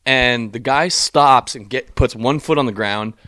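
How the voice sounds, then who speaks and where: Medium-pitched and measured, a young man co-hosts a podcast, recorded dry at studio quality. During casual chat he tells a long story, cursing freely and animatedly performing people's lines.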